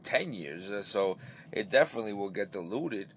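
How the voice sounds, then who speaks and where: A man's voice: lowish voice, lively intonation, normal speed, fairly bright tone, slight background noise. A man hosting his own podcast, talking loosely and rambling, with restarts and casual swearing, tired from an early start. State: tired, yawning. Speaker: podcast host.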